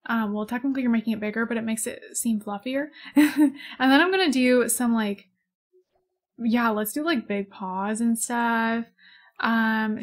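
A young woman in her twenties chatting casually over gameplay, rambling, giggling and gushing over cute animals. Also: on the high side. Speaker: gaming YouTuber. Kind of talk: casual let's-play chat.

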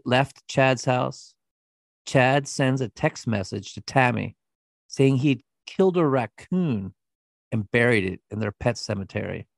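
A man's voice: medium pitch, gravelly, dry recording, studio quality. A man co-hosting a podcast, telling a true-crime story in a blunt, profane, scornful way. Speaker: podcast co-host.

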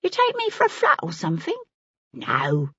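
A woman's voice: on the low side, huge pitch swings, a bit bright, slightly rough, no room sound, lo-fi sound, heavily acted. A woman narrator voicing a frightened, cheeky young street girl with brash slang, in an audiobook. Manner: brash, quick, working-class slang.

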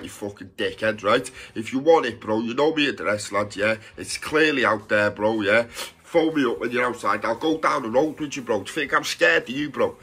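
A man's voice: mid-range voice, a bit bright, slightly rough. A young man, a live streamer, angrily ranting to camera, swearing and confronting someone, repeating "do you know what I mean". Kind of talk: angry call-out rant to camera.

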